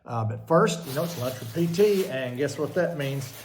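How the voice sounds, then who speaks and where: A man's voice: on the high side, lively intonation, normal speed, a little hiss or hum. Chatty middle-aged man, rambling jokily. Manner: chatty, jokey, easily sidetracked, many fillers. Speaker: minister hosting a show. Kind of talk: casual rambling monologue.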